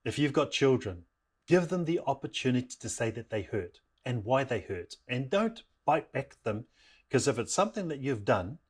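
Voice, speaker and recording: Brief: middle-aged man from New Zealand, animated storyteller who slips into family voices, mid-pitched. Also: slightly rough. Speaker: parenting program speaker. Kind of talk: storytelling talk.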